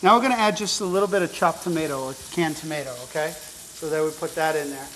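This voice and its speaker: A man's voice: on the high side, quick pace, a bit bright, a little hiss or hum, poor audio. Guy hosting a cooking show, chatty and upbeat, walks you through each step at the stove, light sizzle in back. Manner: chatty, encouraging, teasing. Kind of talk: upbeat instructional cooking demo.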